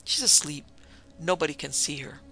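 A man's voice: a little high, expressive, normal speed, sharp tone, soft background music. A man reading the part of a brusque, domineering wealthy husband who talks in curt commands.

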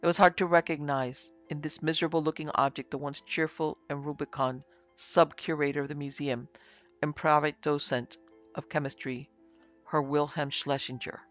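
A man narrating a classic supernatural tale in a measured, scripted reading. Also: on the high side, steady tone, a bit bright, lo-fi sound, faint music behind. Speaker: narrator and producer.

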